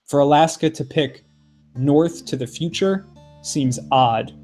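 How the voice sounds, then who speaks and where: A man co-hosting a podcast, reading a poem aloud with expressive phrasing and playful asides. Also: on the high side, takes it slowly, faint music behind. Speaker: podcast co-host. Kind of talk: podcast poetry reading and discussion.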